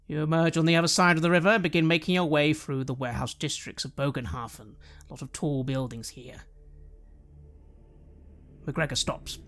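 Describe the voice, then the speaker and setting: A man's voice: fairly high pitch, little pitch movement, a little fast, fairly bright tone, a little hiss or hum. Man narrating as game master.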